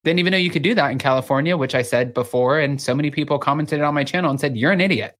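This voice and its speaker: A podcast co-host in casual chat, animated and gossipy, acting out what others said. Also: mid-range voice, very fast, background noise. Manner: animated, gossipy, acts out quoted voices.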